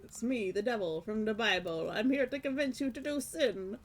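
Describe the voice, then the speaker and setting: A woman's voice: on the high side, moderate pace, soft background music, voice pushed up. A woman reading out a chat message in a put-on voice, playing a hammy male devil with an odd accent. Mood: teasing.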